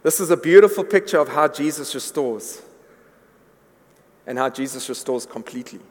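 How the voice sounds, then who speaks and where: A man's voice: medium pitch, animated, moderate pace. A man preaching a sermon to his congregation, earnest, often repeating words as he builds a point. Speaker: pastor. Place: church hall. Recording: long reverb of a large hall.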